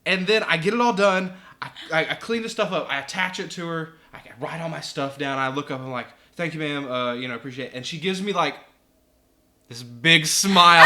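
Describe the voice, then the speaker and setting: A man, a podcast guest, telling a casual anecdote with animated delivery, acting out voices and laughing often. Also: fairly high pitch, normal speed, slight background noise. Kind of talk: casual storytelling.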